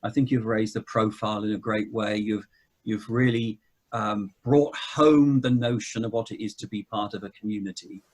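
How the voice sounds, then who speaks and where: A man, a cathedral dean, hosting a casual interview, speaking haltingly and repeating words as he goes. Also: on the low side, fairly even intonation. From not from Cornwall.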